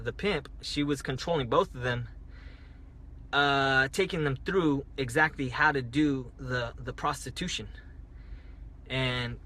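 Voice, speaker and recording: A man tells a story into his phone on a casual livestream. His voice is bright and sits at a middle pitch. He rambles, repeats himself and keeps restarting his sentences. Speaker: livestreaming driver. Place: parked car at night.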